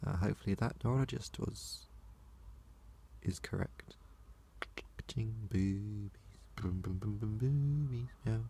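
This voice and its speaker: A man giving a casual personal update, his slow speech constantly broken by blurted words, barks and meows. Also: on the low side, creaky, warm tone, a little hiss or hum.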